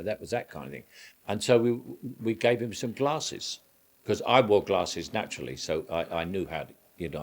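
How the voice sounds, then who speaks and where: A man's voice: low voice, a little mellow. An older man, an actor reminiscing in an interview, rambling with frequent restarts and small chuckles.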